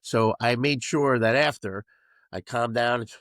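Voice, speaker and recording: A man's voice: medium pitch, unhurried, no echo. A man, a gymnastics coach telling stories in a podcast discussion, his voice climbing as he gets worked up. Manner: animated storytelling, voice rising when he relives scolding.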